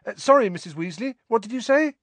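Guy voicing a hyper teen boy yelling at a chess game, high and loud. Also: quick pace, no echo, exaggerated voice. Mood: excited. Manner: excited, shouting. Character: excitable teenage boy wizard.

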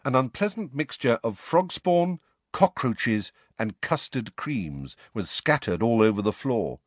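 A man reading a storybook aloud as narrator, with expressive, varied delivery. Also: mid-range voice, measured pace, no echo. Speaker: audiobook narrator.

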